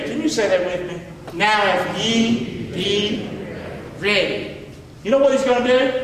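A man's voice: extremely high pitch, slight background noise. A middle-aged man preaching a sermon in a church, folksy and emphatic, calling out for amens. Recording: echoey hall from far off.

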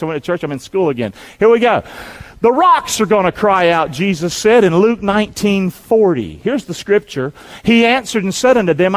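A middle-aged man delivers a sermon with a high, very lively voice. He talks in a folksy, plain way and keeps asking his congregation questions. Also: poor audio. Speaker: pastor.

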